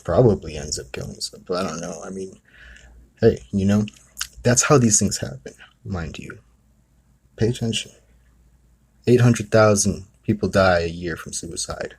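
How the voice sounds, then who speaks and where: A man's voice: deep voice, normal speed, vocal fry, long pauses, a little mellow, slightly rough. A man hosting a spiritual talk, telling a story in a casual, rambling way full of asides. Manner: rambling, with many asides of "you know" and "okay".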